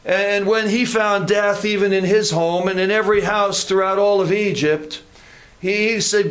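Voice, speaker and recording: A pastor delivers a sermon in a notably high voice, leaning on key words again and again. He slows down to stress his points and drops into casual asides. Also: steady tone, a bit bright. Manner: deliberate, repetitive emphasis, folksy asides.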